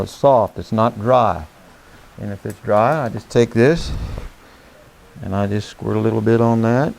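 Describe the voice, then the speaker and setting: Standing by his horse, this instructor walks through saddle care with plain, folksy talk and frequent "okay?" checks. His medium-pitched voice sounds creaky and a little mellow, with a faint hiss or hum in the audio.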